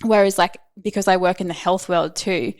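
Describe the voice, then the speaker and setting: A woman's voice: fairly low pitch, fairly even intonation, moderate pace, darkish tone, no echo. A woman around thirty, talking candidly as a podcast guest in a casual chat, full of "like" and "um". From Australia. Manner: candid, chatty, frequent "like" and "um".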